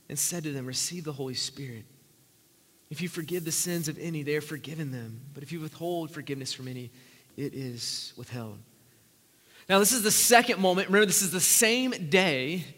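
A man preaching a sermon as a pastor, animated, with humorous asides and repeated words. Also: a little high, long reverb tail.

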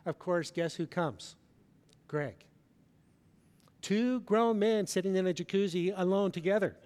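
A middle-aged man preaching in a large church hall, his slightly raised voice carrying a long reverb. He tells his story with feeling, pressing hard on some lines and dropping almost to a hush on others. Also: high voice, unhurried, smooth. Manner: storytelling with emotional swings, from loud emphasis to soft near-whispers. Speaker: pastor. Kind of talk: sermon.

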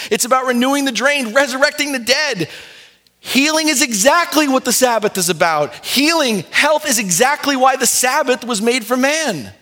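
A male pastor delivering an impassioned sermon, speaking straight to his congregation and swinging between quiet gravity and rising urgency. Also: high voice. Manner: impassioned preaching, rising and falling intensity; direct address to congregation as "beloved".

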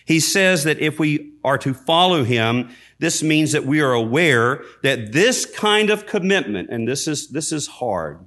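A man preaching a sermon as a priest, emphatic, rising loud on key points and dropping low and quiet, with self-deprecating asides.

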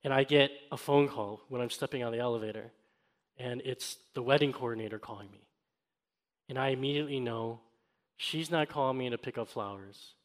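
A man preaching a sermon, telling a personal story in a conversational, animated way. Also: medium pitch. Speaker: pastor.

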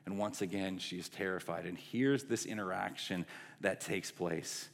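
A man's voice: sits low, steady tone, normal speed, vocal fry. A man preaching a sermon as a pastor, conversational, with fillers and self-corrections. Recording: long hall reverb.

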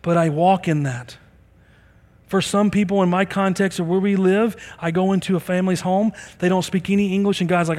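A man's voice: high-pitched, fairly even intonation, fairly quick, a little mellow, long reverb tail. A middle-aged man preaching a sermon as a pastor, earnest and conversational, acting out bits of dialogue.

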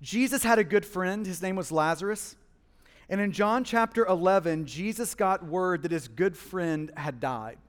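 A man's voice: sits high, normal speed. A male pastor preaching a sermon, impassioned, often repeating the first word of a phrase and voicing God and listeners in quoted lines. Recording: long reverb of a hall.

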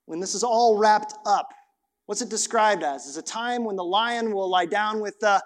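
High-voiced pastor preaching with rhetorical questions. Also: male voice, normal speed. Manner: animated, rhetorical questions, reads scripture aloud. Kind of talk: sermon.

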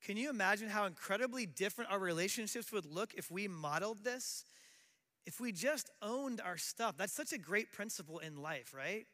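Middle-aged male pastor, high bright voice, chatty sermon, long hall reverb. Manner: conversational preaching with acted quotes.

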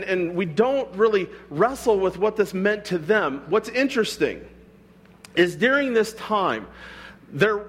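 A man's voice: high-pitched, a bit bright. A man, a pastor, preaching a sermon in a conversational way, with frequent rhetorical asides to his congregation.

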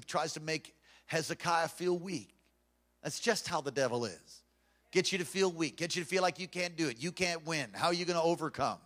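A man's voice: fairly high pitch, a bit bright. A man preaching a fervent, emphatic sermon as pastor from a church stage.

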